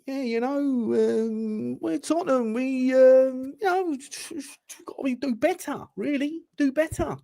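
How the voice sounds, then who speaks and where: A man mimicking a halting older football pundit. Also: very high voice, gravelly, warm tone, pitched above the performer's own voice, heavily acted. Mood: hesitant. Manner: halting, full of ums and trailing words. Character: hesitant soft-spoken older male football pundit.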